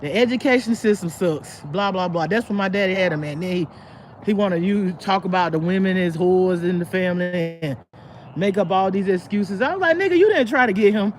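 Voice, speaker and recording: A woman hosting her own livestream, telling a long story to her viewers in a blunt, profane, rambling way, full of restarts, and bursting into animated impressions of the people in it. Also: on the low side, fairly quick, a little hiss or hum. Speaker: livestream host. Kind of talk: casual live storytelling to viewers.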